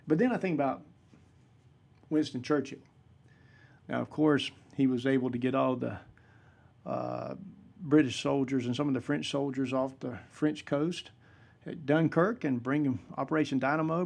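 A man with a fairly high, gravelly voice preaches a sermon-style talk. His tone is husky and a little breathy. He drives his points home by repeating key phrases with emphasis. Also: darkish tone.

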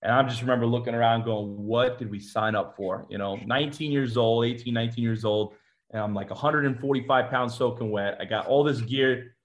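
Fast-talking man from Georgia telling stories. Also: mid-range voice. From Georgia, USA. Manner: chatty, acts out quotes, frequent "like" and "uh" fillers. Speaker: interview guest, former Marine. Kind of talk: casual storytelling in an interview.

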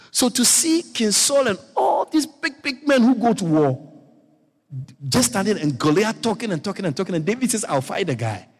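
A man preaching a sermon, telling the story with animated swings up to shouts. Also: high-pitched, normal speed, long pauses. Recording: long echo of a large hall.

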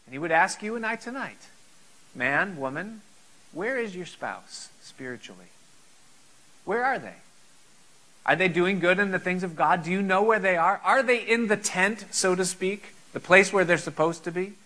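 A man's voice: high voice, moderate pace, sharp tone, rough recording. A man preaching a sermon, earnest and full of rhetorical questions.

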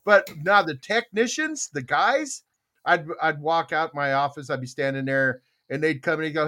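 A man's voice: fairly high pitch, lively intonation, moderate pace, bright, forceful tone. An older man hosting a casual podcast chat, telling stories animatedly with laughter and acted-out quotes. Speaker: podcast host.

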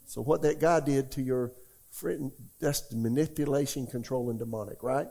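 A middle-aged man, a pastor answering questions in a conversational sermon. He talks in a folksy, animated way, tells stories and keeps asking the listeners rhetorical questions. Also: medium pitch, moderate pace, vocal fry.

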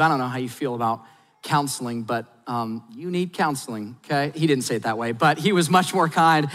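A middle-aged man, a pastor, preaching a sermon and telling a personal story candidly, going quiet and soft at sad points and rising to urge his listeners. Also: medium pitch. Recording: long hall reverb.

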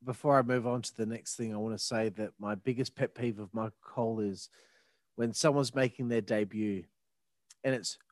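A man's voice: on the low side, steady tone, moderate pace, no echo. A man co-hosting a casual podcast chat, chiming in with short, blunt reactions and some swearing. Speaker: podcast co-host.

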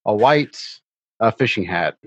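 Husky-voiced male player, dull dry recording. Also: lowish voice, expressive, measured pace, fairly bright tone. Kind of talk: casual game chat.

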